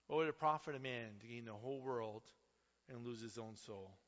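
A man preaching with a bright, forceful edge to his voice, moving from loud declarations down to hushed asides. He sounds dull and lo-fi, carried by a long reverb that trails off each phrase as if he is in a large hall. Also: medium pitch, normal speed. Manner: impassioned, swinging from loud to hushed. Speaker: pastor. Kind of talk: sermon.

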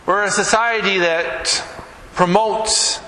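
A middle-aged male pastor with a high, bright voice preaches in a casual, conversational way and keeps putting questions to his listeners. His voice rings through a church sanctuary with a long, echoing reverb. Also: fairly even intonation, slow pace, a little hiss or hum. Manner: conversational, asks the congregation questions. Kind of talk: sermon. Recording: echoey hall with long reverb.

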